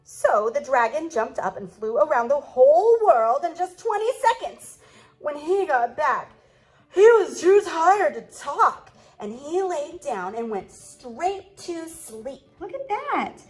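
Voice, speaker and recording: A woman kindergarten teacher reading a storybook aloud and asking the children questions in an animated way. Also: sits high, a little slow, soft background music, low-quality recording. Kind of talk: storybook read-aloud and lesson.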